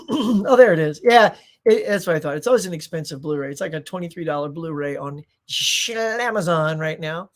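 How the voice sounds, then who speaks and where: Middle-aged guy rambling on his live stream, reads chat out loud, playful asides. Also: on the high side, expressive, normal speed. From United States.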